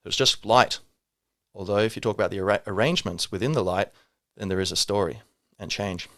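A man's voice: on the low side, fairly even intonation, a little fast, fairly bright tone, dry recording, clean studio sound. A man hosting a solo podcast, talking reflectively and rambling, with many fillers and restarts. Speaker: podcast host.

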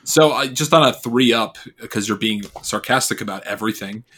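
An American man narrating as game master, animated and laughing often. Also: fairly low pitch, fairly quick.

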